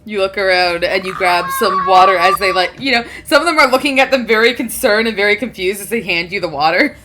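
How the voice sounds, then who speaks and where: A woman's voice: medium pitch, a little fast, bright, forceful tone, slight background noise. A woman narrating as game master of a tabletop game, giggly and rambling with many fillers.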